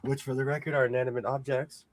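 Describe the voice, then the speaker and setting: A man hosting a casual sewing show chat, telling jokey stories in an animated way. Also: mid-range voice, fast. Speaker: host.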